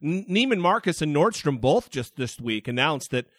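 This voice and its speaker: Podcast guest, male, fired-up and foul-mouthed, lively slightly high voice, dry sound. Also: normal speed, dry recording. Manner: profane and emphatic, heated. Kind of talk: casual chat.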